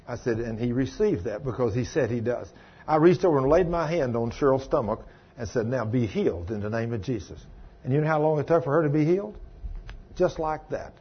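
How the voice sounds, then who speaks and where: A man's voice: mid-range voice, animated, a little fast, breathy edge. A man preaching a sermon, emphatic, rising and dropping his voice for stress as he tells a story. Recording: dull lo-fi recording.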